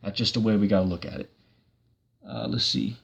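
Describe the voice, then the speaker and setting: A man's voice: lowish voice, lively intonation, fairly quick, creaky, background noise. A man hosting a casual livestream, reading viewer comments and talking about scripture in a rambling way, full of fillers and restarts.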